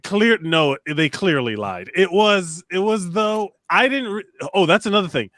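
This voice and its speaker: A man's voice: sits high, expressive, measured pace, a bit bright, no echo, clean studio sound. A man co-hosting a podcast, talking in a casual, rambling way with plenty of restarts and swearing. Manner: rambling, stumbling restarts, profane. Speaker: podcast co-host. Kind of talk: casual chat.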